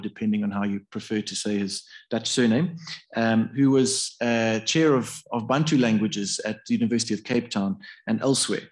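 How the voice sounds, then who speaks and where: A man giving a university lecture in a hall, thinking aloud in a hesitant, discursive way. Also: fairly low pitch. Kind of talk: academic public lecture.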